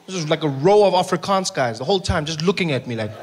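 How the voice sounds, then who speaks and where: A man's voice: fairly high pitch, expressive, fast talker. A male stand-up comedian, riffing chattily with the crowd. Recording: stage recording with background noise.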